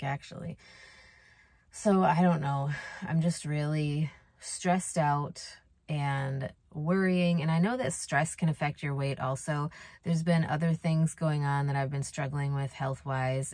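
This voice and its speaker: A woman's voice: sits low, a little mellow, dry recording, studio quality. A young woman vlogging casually and confessionally, talking in a worried, rambling way with many fillers and restarts.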